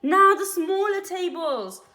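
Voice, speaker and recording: A woman voicing an excited, bossy male monkey father who shouts urgent orders at everyone. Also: extremely high pitch, slow, faint music behind, voice pushed up, heavily acted.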